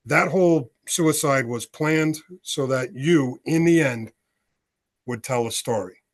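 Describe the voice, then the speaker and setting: In a mid-range voice and a slow tempo, a man in his sixties from the United States, an author and veteran, tells his story on a podcast. He's an animated storyteller who acts out each exchange of dialogue.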